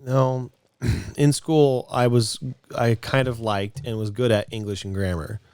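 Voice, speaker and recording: A man's voice: mid-range voice, steady tone, a little slow, vocal fry, a little mellow, clean tone, no room sound, clean studio sound. A man co-hosting a podcast in casual chat, hesitant and self-deprecating, thinking aloud as he goes. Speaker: podcast co-host.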